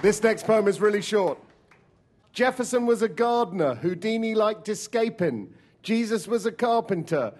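Very high-voiced lively male emcee. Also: moderate pace, some chatter behind, slight background noise. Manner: playful emcee, rhyming introductions. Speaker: show host introducing acts.

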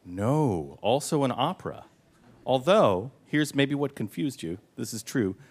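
A man's voice: mid-range voice, measured pace. A man running a quiz game, explaining the rules and reading clues with dry jokes. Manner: dry, jokey, animated delivery. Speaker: quiz master.

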